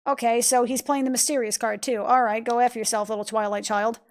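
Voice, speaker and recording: A woman's voice: fairly high pitch, fairly even intonation, a little fast. A woman casually commenting on a video game in an irreverent, joking, profane way, tired and with a sore throat. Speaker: let's play gamer.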